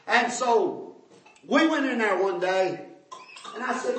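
An older man, preaching a folksy testimony sermon in a church, storytelling that rises to shouts. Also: sits high, animated, takes it slowly, pauses often, a little hiss or hum. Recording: echoey hall, far from mic.

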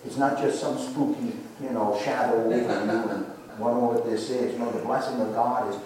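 An older man preaching a sermon, slow and emphatic, repeating phrases for emphasis, with the congregation answering now and then. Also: mid-range voice, steady tone, darkish tone. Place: church sanctuary. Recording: echoey room, distant mic, faint noise.

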